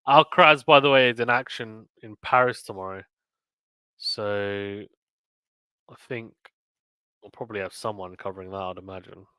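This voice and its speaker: A man's voice: lowish voice, normal speed, long pauses, sharp tone, smooth, no echo. A young man commentating a tennis match on a live stream, reading viewer comments aloud and chatting between points. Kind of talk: casual play-by-play and chat reading.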